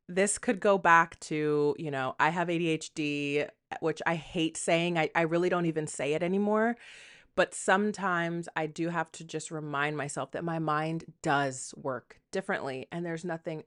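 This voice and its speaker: A woman with a fairly low voice hosts her own podcast in an unscripted, rambling monologue. She is candid and self-deprecating, slips in casual swearing, and voices her inner thoughts aloud as quick asides. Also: a bit bright. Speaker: podcast host.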